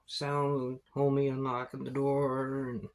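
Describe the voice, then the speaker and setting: Slow, rambling man running a game. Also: medium pitch, completely flat delivery. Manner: rambling, laid-back, with fillers and swearing. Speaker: game master. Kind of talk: narrating a tabletop game.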